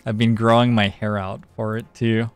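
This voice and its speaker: Low-voiced man casually commentating a game. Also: moderate pace, clean tone, no room sound, soft background music. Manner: relaxed, thinks aloud, explains at length with frequent "like". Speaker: game streamer. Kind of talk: casual live-stream gameplay commentary.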